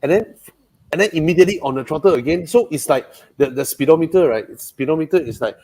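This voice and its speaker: Man, casual chat, excitable, sound effects, slightly high pitch. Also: fast, husky. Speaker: panelist.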